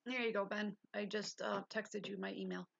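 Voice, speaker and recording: A woman's voice: medium pitch, steady tone, moderate pace, gravelly, no echo. An older woman hosting a livestream, chatting casually and rambling as she answers viewers. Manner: chatty, rambling, talks back to chat. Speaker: livestream host. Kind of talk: casual chat with live viewers. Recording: dull lo-fi stream audio with faint hiss.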